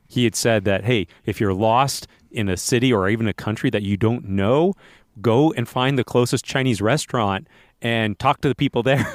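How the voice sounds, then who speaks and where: A man hosting a podcast, chatting in a relaxed way with chuckles and fillers. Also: lowish voice, no echo, clean studio sound. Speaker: podcast host. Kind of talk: casual interview chat.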